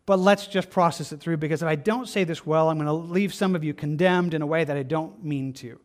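An American pastor delivers a conversational sermon, his voice a little high, as he acts out people's excuses in quick little voices.

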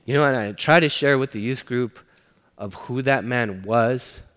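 A man's voice: mid-range voice, a little slow. Male pastor, mid-range voice, earnest sermon storytelling, long hall reverb. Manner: earnest personal storytelling, often dropping to a hushed voice.

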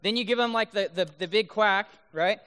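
Youth speaker, male, high and bright voice, playful, keeps asking "right?", long hall reverb. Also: fairly quick, clean tone. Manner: playful, keeps checking in with the audience. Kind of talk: youth talk with duck call demos. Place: large room full of high schoolers.

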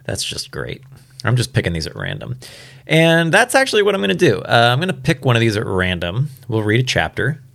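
A man's voice: medium pitch, wildly swooping pitch, a little fast, vocal fry, fairly bright tone. A man casually talking about books to camera, rambling and chatty with amused asides. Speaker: book vlogger. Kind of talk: casual book talk.

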